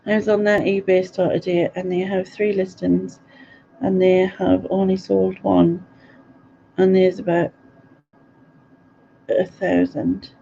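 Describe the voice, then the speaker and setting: A woman's voice: medium pitch, flat delivery, takes it slowly, vocal fry, pauses often, dark tone, slight background noise. A middle-aged woman, chatting casually on a live stream and answering viewer comments, giggling often and tripping over place names. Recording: dull lo-fi audio.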